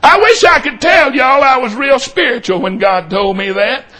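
A middle-aged man preaching a storytelling sermon, shouting for emphasis and then dropping to a hush. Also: very high-pitched, animated, moderate pace.

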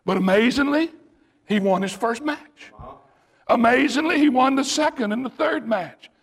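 A man preaching, his voice pitched very high and husky. He swings from quiet storytelling into loud shouted bursts, the way a revival sermon builds. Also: normal speed.

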